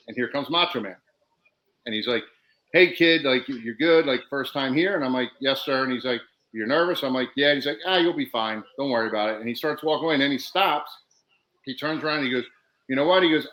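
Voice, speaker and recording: A man's voice: mid-range voice, a bit bright, low-quality recording. A man guesting on a podcast, telling wrestling stories, laughing and acting out what people said. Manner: laughs through stories, acts out quotes. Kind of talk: animated storytelling.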